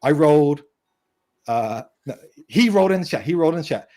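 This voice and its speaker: Guy with a bit of a high voice telling game table stories, lively, swears a lot. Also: fairly quick. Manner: animated storytelling, swears freely. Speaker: guest game designer. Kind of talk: casual chat.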